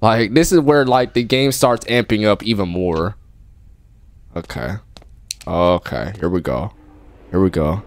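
A man giving live gameplay commentary on a horror game in casual slang. He is jumpy and excitable, and yelps when something startles him. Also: lowish voice, unhurried, long pauses. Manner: casual slang, calls the game bro and dog. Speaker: streamer playing a horror game. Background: game music.

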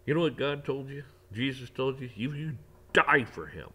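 With a husky, bright and forceful voice at medium pitch and a moderate pace, this man delivers a ranting opinion monologue as an online commentator. His tone is preachy, like religious preaching, as he emphatically repeats phrases and curses.

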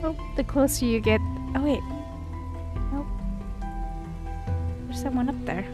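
A woman's voice: high voice, a little slow, over music. A young woman giggling and chatting as she plays through a cozy adventure game. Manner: giggly, chatty, easily moved. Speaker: gamer. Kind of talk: let's play commentary.

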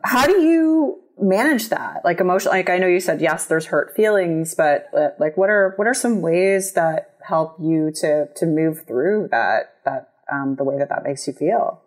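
A woman hosting an interview, halting and restarting often as she searches for her words. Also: fairly low pitch, expressive. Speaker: podcast host. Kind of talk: casual interview chat.

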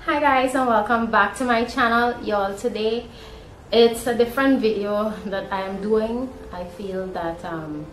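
A woman's voice: mid-range voice, measured pace. A woman from Trinidad with a Trinidadian accent, chatting casually to her viewers in a vlog. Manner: chatty, addresses viewers directly. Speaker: vlogger. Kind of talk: casual vlog talk to camera. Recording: echoey room with music.

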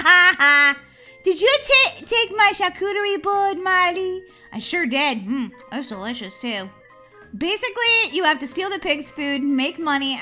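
A woman hosting a gaming channel, chatting excitedly through a video game and squealing when she is chased. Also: a little high. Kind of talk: playing a video game with commentary.

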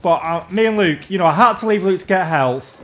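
A man's voice: sits high, lively intonation, fairly quick, a bit bright. A man ranting in exasperation while commentating his own gameplay. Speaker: gamer.

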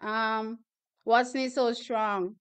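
A Jamaican woman hosting a live-stream watch party, reacting to races with excited, emotional exclamations. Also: a little high, very slow, clear, resonant tone, low-quality recording.

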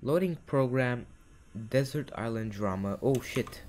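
A man's voice: mid-range voice, unhurried, darkish tone, soft background music. A young man giving casual commentary over a game, reading in-game text aloud with joking asides. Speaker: gaming channel host.

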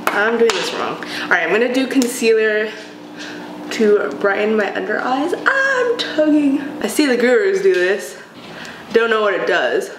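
A woman talks casually through her makeup routine, gushing with excitement over new products and poking fun at herself. She is sick today. The room echoes and there is a steady noise behind her. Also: mid-range voice, normal speed. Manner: gushing, excitable, self-deprecating. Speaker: beauty vlogger. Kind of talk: casual get-ready-with-me chat. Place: home, doing her makeup.

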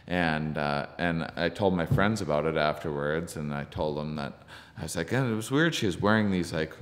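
A comedian being interviewed, telling a story in a halting, searching way with many ums and restarts. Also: male voice, sits low. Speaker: podcast guest, comedian. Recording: long reverb from the room.

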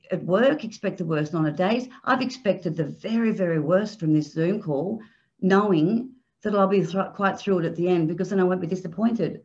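A woman author talking casually on a video call, animated and self-mocking, often calling people "love". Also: fairly low pitch, moderate pace. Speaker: author guest. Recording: dull lo-fi video-call audio.

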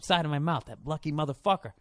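A man hosting a podcast, telling a comic story in a profane, animated way. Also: a little high, fast, dry recording, studio quality. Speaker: podcast host. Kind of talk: comedic podcast rant.

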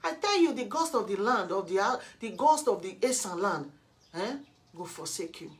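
A woman's voice: medium pitch, lively intonation, moderate pace. A middle-aged Nigerian woman from Edo State speaking Nigerian Pidgin English, scolding a rival in a lecturing vlog monologue full of rhetorical questions. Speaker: vlogger.

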